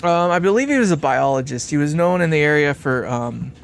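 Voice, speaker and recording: A man's voice: a little high, animated, brisk, gravelly, a little hiss or hum. A man hosting a casual livestream while building a guitar amp, rambling, laughing often and swearing freely.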